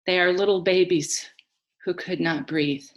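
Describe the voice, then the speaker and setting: A woman narrates an old myth in a solemn, dramatic storytelling style. Her voice is low-pitched and her pace is slow and deliberate. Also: steady tone, muffled recording. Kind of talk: mythic storytelling.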